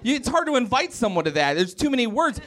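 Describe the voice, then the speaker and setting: This young West Virginia comic has a very high, sing-song voice that's fast and fairly bright. During his stand-up set in a comedy club, he tells wry stories and acts out what others said.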